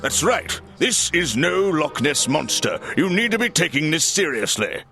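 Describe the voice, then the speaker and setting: A serious, insistent detective from a video game, lecturing his partner in a firm, gravelly voice. His pitch moves lively as he presses his point, and game music sits clearly beneath him. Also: measured pace, full character voice.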